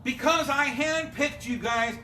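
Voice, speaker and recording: Man doing a blustering tyrant king, high bright voice, echoey room from afar. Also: unhurried, a little hiss or hum, heavily acted. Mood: indignant. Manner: blustering, commanding. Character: boastful angry ancient male king. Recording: echoey room, mic at a distance.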